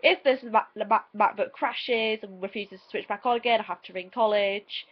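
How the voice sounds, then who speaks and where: A woman's voice: medium pitch, moderate pace. A teenage woman with an English accent telling a story in a casual vlog, chatty and giggly with dramatic retelling. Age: teens. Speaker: vlogger. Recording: dull lo-fi home video audio.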